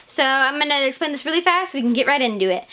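A teenage girl vlogging casually to camera, gushing and excitable, full of "like" and "legit.". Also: sits high, fast, slight background noise. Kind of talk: casual haul vlog.

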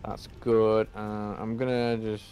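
A man's voice: on the low side, flat delivery, slow pace, a little mellow. Guy playing a game, swearing under his breath, muttery, some music in the back. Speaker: gamer. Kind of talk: game commentary.

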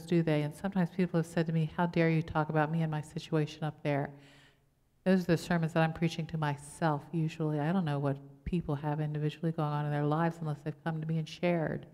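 A woman's voice: low-pitched, a little mellow. A woman pastor, preaching a conversational sermon full of rhetorical questions. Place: church sanctuary. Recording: long church reverb.

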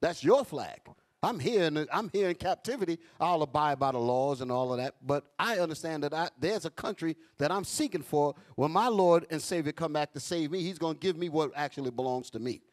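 Animated preaching man, lively pitch. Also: brisk. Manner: animated, joking, street talk. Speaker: bishop. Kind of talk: preaching sermon.

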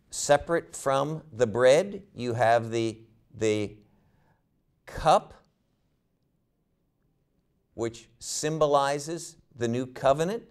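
Slow, lively-pitched male Bible teacher. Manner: asks rhetorical questions, repeats words while thinking. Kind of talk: Bible study lecture.

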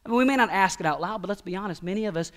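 Male pastor, middle-aged, high voice, chatty sermon delivery with stammered restarts. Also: racing, a bit bright. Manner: conversational preaching with stammered restarts and quoted voices.

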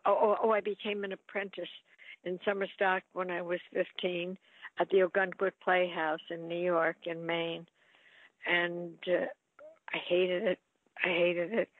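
A woman's voice: on the low side, creaky, dry recording. An older woman, an actress, telling playful anecdotes in an interview. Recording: phone-like line, dry.

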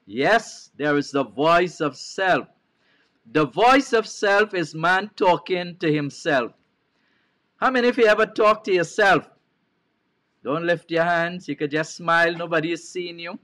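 Slow-preaching Trinidadian bishop, high voice. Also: male voice, fairly bright tone. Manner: deliberate preaching, repeats key phrases, asks the audience questions. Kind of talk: televised sermon.

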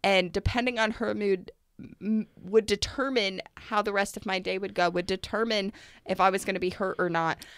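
Woman podcast co-host, mid-pitched, earnest and chatty, dead-dry studio sound. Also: moderate pace, dry recording. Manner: earnest and animated, with frequent "like" fillers. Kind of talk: casual conversation.

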